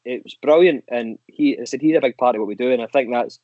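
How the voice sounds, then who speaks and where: A man's voice: medium pitch, quick pace, no room sound. Man telling a chatty story. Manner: animated storyteller, frequent "man" and restarts. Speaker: band member guest. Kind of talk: casual storytelling chat. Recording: dull, dry lo-fi audio.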